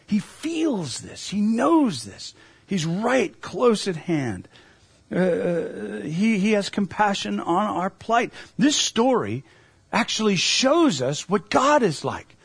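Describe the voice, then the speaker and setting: A man's voice: high voice, big pitch swings, slow, creaky, breathy edge, no room sound. A man preaching a sermon as a pastor, earnest and emphatic, asking his listeners questions.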